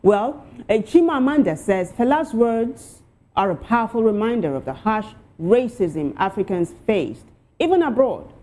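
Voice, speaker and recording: A woman hosting a talk show, reading out social media posts with lively asides. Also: mid-range voice, moderate pace.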